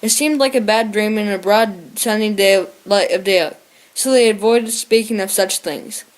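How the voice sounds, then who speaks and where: A woman's voice: medium pitch, moderate pace. A woman narrating a novel aloud in a plain reading manner, with small slips and restarts. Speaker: audiobook narrator.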